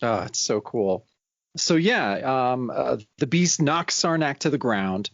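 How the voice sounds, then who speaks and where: A man co-hosting a comic book podcast, commenting with laughs and animated asides. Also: medium pitch, slow, no echo, dull audio. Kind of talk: casual chat.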